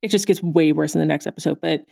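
A woman's voice: sits low, steady tone, fast talker, creaky, dark tone, dry recording, clean studio sound. A woman co-hosting a podcast, chatting casually and animatedly about a cartoon episode, often laughing. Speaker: podcast co-host. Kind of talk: casual chat recapping a cartoon.

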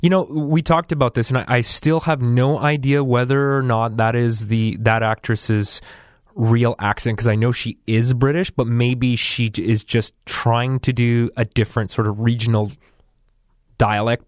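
A man's voice: medium pitch, steady tone, measured pace, no echo. Easygoing male podcast co-host, dry sound. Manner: easygoing, hedging, thinks aloud. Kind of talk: casual chat and episode recap.

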